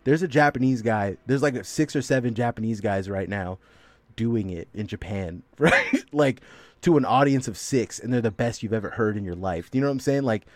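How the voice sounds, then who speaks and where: A man's voice: medium pitch, animated, normal speed, no echo. A man chatting casually with friends, rambling with lots of fillers and frequent laughter. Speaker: podcast co-host. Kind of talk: casual group chat.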